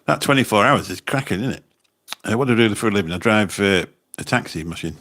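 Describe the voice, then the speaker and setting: Man, very low voice, rambling livestream chat, repeats himself. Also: expressive, fast, fairly bright tone. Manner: rambling, chatty, repeats words. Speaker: livestream host and taxi driver. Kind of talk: casual livestream chat reading comments. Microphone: phone.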